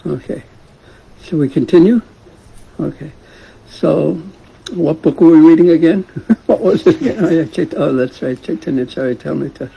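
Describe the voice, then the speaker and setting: A man's voice: on the high side, normal speed, vocal fry, breathy edge, lo-fi sound. A man teaching a scripture class, retelling a story in a casual way and asking the class questions. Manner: gentle, asks the class questions, chuckles.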